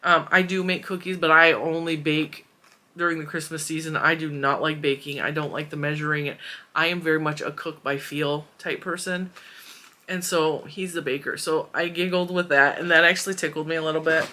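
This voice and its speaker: Woman, forties, bright voice, chatty, giggly, emotional vlog chat. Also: low-pitched, steady tone, moderate pace. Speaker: crochet channel host. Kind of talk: casual chat unboxing mail.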